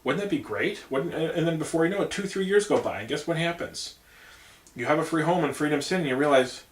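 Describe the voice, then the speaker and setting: A man's voice: fairly high pitch, fast talker. A man giving a casual political monologue as a campaign vlogger, rambling with many asides. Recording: echoey room.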